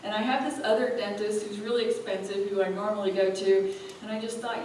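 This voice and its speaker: A woman speaker telling an animated story to a live audience and laughing often as she goes. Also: medium pitch, a little fast. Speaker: spiritual teacher and speaker. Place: event hall. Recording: echoey hall, from far off, faint room noise.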